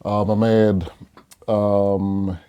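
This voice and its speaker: A man's voice: on the low side, little pitch movement, very slow, lo-fi sound, heavy background noise. A man from Jamaica, a musician guest on a podcast, chatting casually with lots of fillers and laughter. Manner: laid-back, laughs often, frequent fillers.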